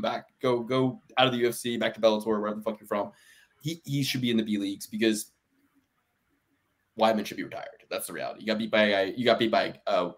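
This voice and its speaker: Rambling, profane man chatting about fights. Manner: rambling, profane, laughing, lively swings in pitch and volume. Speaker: podcast co-host. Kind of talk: casual fight-betting chat.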